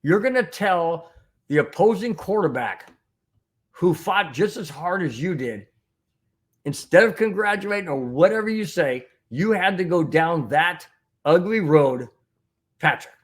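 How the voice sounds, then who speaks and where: On a fan podcast, a man with a voice on the high side reads live chat comments while delivering a heated sports recap. He sounds animated but unhurried, ranting indignantly and rambling through repeated phrases and restarts.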